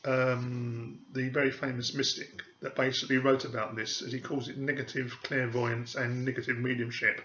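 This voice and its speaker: A man's voice: medium pitch, flat delivery, moderate pace, hardly any pauses, bright, forceful tone, a little hiss or hum. A man, a psychic medium, speaking in an emphatic podcast monologue and scornful of fakery. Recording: echoey room, dull audio.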